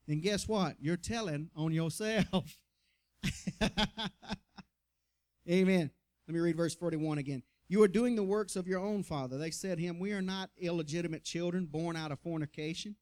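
A man's voice: sits high, darkish tone. A man preaching a sermon, reading scripture aloud and breaking in with folksy asides and frequent amens. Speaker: pastor.

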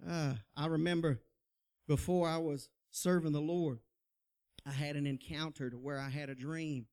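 A man's voice: fairly high pitch, fairly even intonation, normal speed, a little mellow. A middle-aged man, telling his testimony in a folksy preaching style, laughing often and calling out to the crowd. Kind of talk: personal testimony, sermon style.

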